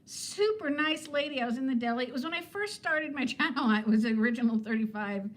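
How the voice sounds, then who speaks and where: A woman's voice: sits high, expressive, fairly quick. A woman in her fifties who is a weight-loss vlogger, chatting casually with viewers on a livestream in a rambling way and laughing often. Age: 50s.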